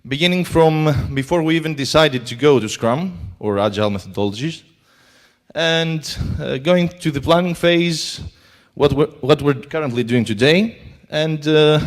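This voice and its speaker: In a conference hall, a Greek-accented man gives a talk, his slightly high voice moving a little slowly. He sounds hesitant and uses many fillers.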